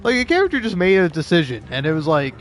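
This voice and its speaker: A man's voice: a little high, huge pitch swings, fast, a little hiss or hum. A young man streaming a video game, rambling casually with lots of swearing and filler words. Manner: rambling, profane, laughing asides. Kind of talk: casual gameplay commentary.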